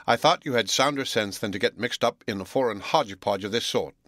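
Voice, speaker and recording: A proud, blunt gentleman speaks in a gruff, scolding way, as a man puts him on. His voice sits low and plain. The sound is dry and close, like a storybook read. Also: brisk, dry recording. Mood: scornful. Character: blunt proud Englishman, brusque and sarcastic.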